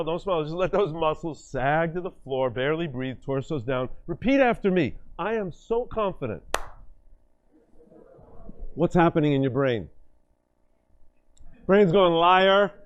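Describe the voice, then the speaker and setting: A middle-aged man giving a live talk, leading the audience through exercises in an animated, directive way. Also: on the high side. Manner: animated, directive, demonstrates states with his voice and body. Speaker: workshop speaker and communication coach. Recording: dull lo-fi lecture recording.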